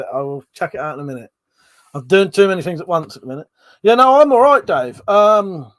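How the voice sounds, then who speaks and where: A man's voice: fairly high pitch, dry recording. A man hosting a casual livestream, reading out viewer comments and swearing freely as he chats. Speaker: livestream host.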